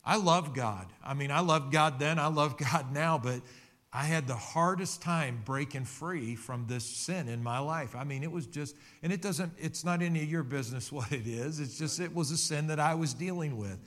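A man's voice: on the high side, normal speed, a bit bright. Earnest man preaching a testimony. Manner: conversational, earnest storytelling with many restarts. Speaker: pastor. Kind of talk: sermon with personal testimony.

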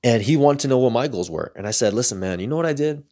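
A man with a medium-pitched, dark-toned voice hosts a solo podcast, speaking animatedly and at a quick pace. He comes across as earnest and reflective, often repeating words while he hunts for the right ones.

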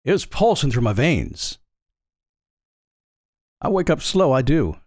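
A man's voice: mid-range voice, very animated, takes it slowly, a little mellow, dry recording, clean studio sound. A man giving a blunt, emphatic motivational monologue in a folksy, preaching way. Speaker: motivational speaker.

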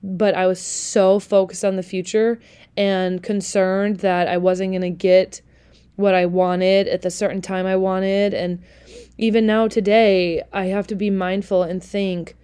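Young woman rambling on her podcast, smooth clear voice, mid pitch, candid and jokey, swears a bit. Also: flat delivery, measured pace, warm tone. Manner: chatty, candid, self-deprecating, swears casually. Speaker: podcast host. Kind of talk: casual solo podcast monologue.

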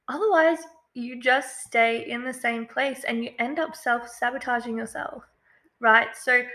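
A woman's voice: fairly high pitch, sharp tone. A woman co-hosting a self-development podcast in casual, chatty talk with lots of fillers. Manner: upbeat, chatty, uses many fillers. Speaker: podcast co-host.

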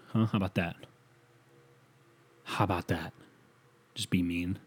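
Brief: male comic, low-leaning voice, crude sarcastic rant, solo monologue. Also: normal speed, pauses often, darkish tone, breathy edge. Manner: profane, sarcastic, ranting.

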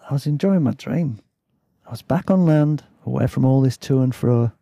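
A man's voice: mid-range voice, normal speed, gravelly, mellow, dry recording, studio quality. A man reading his own travel memoir aloud in a laid-back, chatty way, breaking off for asides and self-corrections. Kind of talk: casual story reading.

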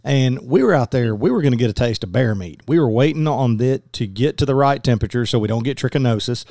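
A man hosts a casual podcast chat, speaking in a friendly but rambling way and often starting over. His pitch is ordinary. The recording is dry and close. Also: expressive, fast talker, mellow, dry recording. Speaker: podcast host. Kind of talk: casual conversation.

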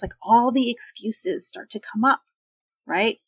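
A woman in her forties in casual talk, chatty and animated, acting out quoted voices with sudden jumps in pitch. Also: measured pace, slightly rough, no echo. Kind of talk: casual talk on self-doubt.

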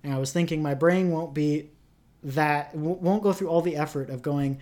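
A man's voice: a little high, fairly even intonation, fairly quick, a little mellow. A young man from rural Canada, co-hosting a podcast in casual, rambling chat and laughing at himself often. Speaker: podcast co-host.

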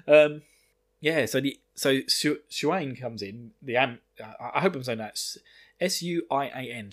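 A man's voice: mid-range voice, lively intonation, moderate pace, a bit bright. Rambling, laughing man recapping a book. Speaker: book reviewer.

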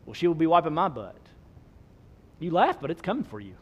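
A man, preaching a sermon, swinging between loud emphasis and soft low asides. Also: wildly swooping pitch, fairly quick, slightly rough, highs cut off. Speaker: pastor.

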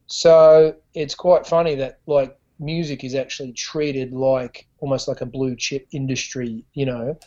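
An Australian man speaking as a musician guest, rambling and restarting his sentences as he talks. His pitch sits in the middle, and the remote recording sounds a little dull and lo-fi. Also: level tone, unhurried, few pauses, warm tone. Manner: rambling, lots of restarts and fillers. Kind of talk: conversational storytelling.

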